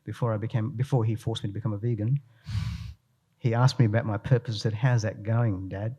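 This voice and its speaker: A man's voice: on the low side, fast talker, husky, lo-fi sound. A man giving a live talk to an audience, telling anecdotes with lots of restarts. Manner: animated storyteller, frequent restarts. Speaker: guest speaker, leadership coach.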